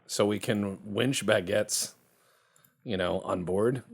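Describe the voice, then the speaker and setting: A man's voice: fairly low pitch, takes it slowly, creaky, husky. A man hosting a casual video game commentary, cracking jokes and laughing often. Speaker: game streamer.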